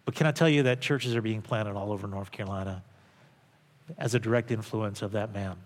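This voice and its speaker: A man's voice: lowish voice, brisk, in a large hall. A male pastor preaching a sermon, earnest and emphatic, repeating phrases for stress. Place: church sanctuary.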